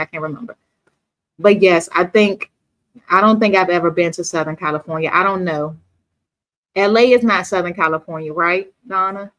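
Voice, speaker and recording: A woman's voice: lowish voice, a bit bright. A woman from D.C. hosting a casual livestream, chatting with viewers and reading their comments aloud. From Washington, D.C.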